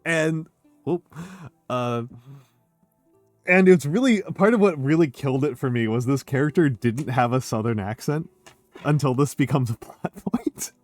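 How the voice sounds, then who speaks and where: A man's voice: medium pitch, a little slow, a little mellow, no room sound, faint music behind. Sardonic, swearing man streamer. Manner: sardonic, swears freely, laughs often. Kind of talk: casual chat.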